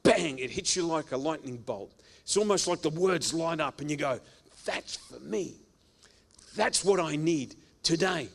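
Man preaching with sweeping loud-soft swings. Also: fairly high pitch, expressive, normal speed. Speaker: pastor. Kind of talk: sermon.

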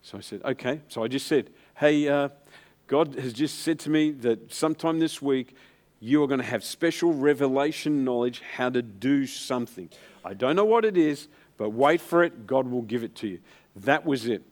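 A pastor preaching a sermon, telling stories and calling out for the congregation to answer back. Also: male voice, medium pitch, animated, moderate pace, a little mellow. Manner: storytelling preacher, calls for congregation responses.

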